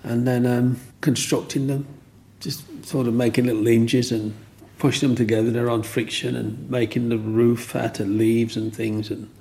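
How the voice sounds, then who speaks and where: Gravelly older Englishman, rambling. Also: medium pitch, level tone, moderate pace, dark tone. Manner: rambling, with restarts and "you know what I mean". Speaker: interviewee. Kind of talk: storytelling.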